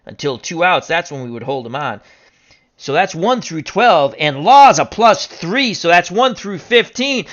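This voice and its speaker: A man calling a tabletop baseball dice game as a jokey, excitable play-by-play announcer. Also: on the high side, unhurried.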